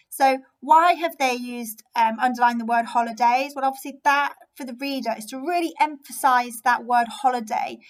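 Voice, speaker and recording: Encouraging high-voiced woman teacher. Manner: encouraging, explains step by step. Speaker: primary school teacher. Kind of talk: recorded remote lesson.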